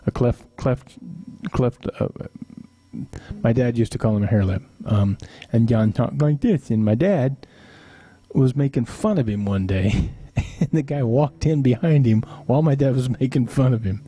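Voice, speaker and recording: Chatting casually with his live stream viewers, a middle-aged man drifts through family stories, chuckling and teasing along the way. His voice is medium-pitched and mellow with a breathy edge, his pace moderate, and there's no echo.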